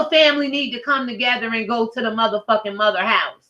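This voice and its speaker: Woman, higher voice, YouTube commentator, angry profane rant, emphatic delivery. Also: quick pace, bright, forceful tone, lo-fi sound.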